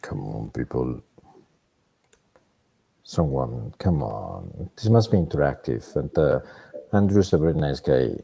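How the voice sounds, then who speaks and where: A man's voice: a bass voice, animated, unhurried, vocal fry, long pauses, dark tone, husky. A man chairing a workshop session, prodding the audience and teasing the lecturer. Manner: prods the audience and teases the speaker.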